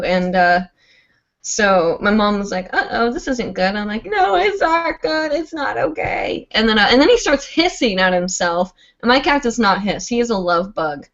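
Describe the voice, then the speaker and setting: Woman, livestream host, casual rambling chat, middle pitch, dull lo-fi sound. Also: fairly bright tone. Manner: chatty, rambling, full of "like" and "um". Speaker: host of a live hooping show.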